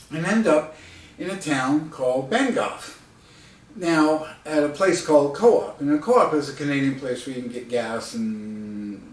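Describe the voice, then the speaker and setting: A man from the United States spins a casual anecdote with laughs and asides. His voice sits a little high. He sounds set back from the mic in a roomy, echoing space. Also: far from the mic, a little hiss or hum. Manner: chatty, laughing often, with fillers and asides. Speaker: storyteller and author.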